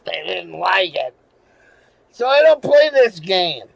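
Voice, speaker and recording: A man's voice: high-pitched, big pitch swings, slow, gravelly, no room sound, highs cut off. A man hosting his own channel, telling a rambling, profane story in casual chat, laughing often and restarting his sentences. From New England. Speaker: channel host.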